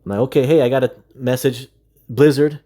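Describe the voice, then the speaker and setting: A man in an exasperated monologue, venting his grievance and repeating rhetorical questions again and again. His speech is peppered with profanity. His voice sits at an ordinary middle pitch for a man. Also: steady tone, brisk, dark tone. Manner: aggrieved, exasperated. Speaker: gaming video creator. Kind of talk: ranting monologue to camera.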